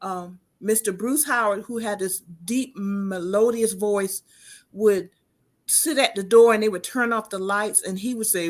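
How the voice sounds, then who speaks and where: A woman's voice: mid-range voice, fairly bright tone. A woman hosting an interview in a chatty, personal way, often restarting her phrases. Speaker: host. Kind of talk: conversational interview.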